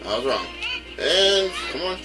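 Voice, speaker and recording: A man's voice: on the high side, very animated, unhurried, low-quality recording. A man from North Carolina giving casual, rambling commentary while playing a game, stammering and chuckling often. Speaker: let's play host. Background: game music.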